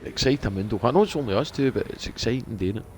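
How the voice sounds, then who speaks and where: A man streaming a space game, chatting excitedly and swearing freely. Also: mid-range voice, racing, a little hiss or hum. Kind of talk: casual live-stream chat.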